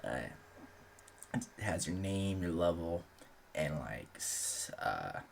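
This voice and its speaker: A man's voice: low-pitched, very animated, takes it slowly, gravelly, a little hiss or hum. A young man talking in a loose, rambling way as host of his own channel, full of filler words and casual swearing. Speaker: aspiring author and channel host. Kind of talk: casual chat.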